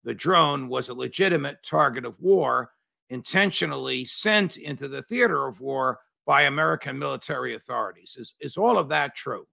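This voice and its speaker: A man hosting an interview, asking measured questions with hesitant fillers. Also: medium pitch, vocal fry, bright, forceful tone, no echo. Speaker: host.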